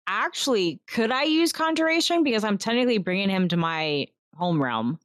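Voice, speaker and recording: A woman playing a tabletop game, chatting in a relaxed way and laughing easily. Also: medium pitch, moderate pace, no room sound, clean studio sound. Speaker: player. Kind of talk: casual chat at a game table.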